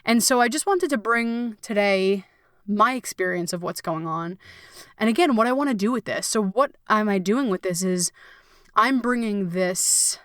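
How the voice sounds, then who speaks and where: A woman's voice: medium pitch, normal speed, fairly bright tone, dry recording, clean studio sound. Candid, swearing woman podcast host. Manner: candid, emotional, swears freely. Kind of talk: solo podcast monologue.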